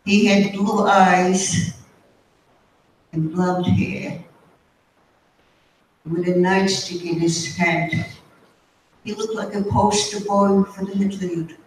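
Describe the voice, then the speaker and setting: Older woman speaking slowly in an echoey hall. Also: mid-range voice, level tone. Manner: slow and deliberate. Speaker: guest speaker. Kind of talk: storytelling testimony. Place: high school auditorium. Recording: distant mic, echoey hall, faint noise.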